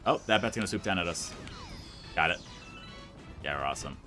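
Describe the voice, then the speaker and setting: Faint game music sits under a young man's deep, brisk voice with lively intonation as he casually narrates his own gameplay for a let's play. His rambling commentary is stuffed with "like" in every sentence.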